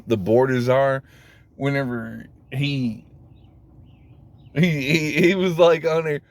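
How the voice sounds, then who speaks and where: A man in a rambling, profane casual rant to camera, full of fillers and sudden high exclamations. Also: a little slow, vocal fry. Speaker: vlogger.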